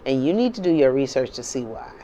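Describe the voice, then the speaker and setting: A woman's voice: extremely low pitch, very animated, quick pace, warm tone, a little hiss or hum. A woman from the United States hosting her own channel, talking casually and emphatically to her viewers and often checking in with "okay?" and "you know". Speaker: channel host.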